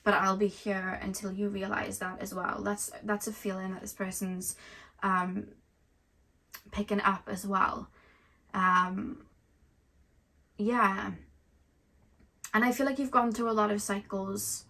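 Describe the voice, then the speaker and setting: A woman's voice: medium pitch, flat delivery, slow, long pauses, pushed and bright. A woman doing an intuitive tarot reading for her viewers, earnest and openly emotional, rambling with lots of "like" and "um". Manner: rambling, heavy on "like" and "um". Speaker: tarot card reader.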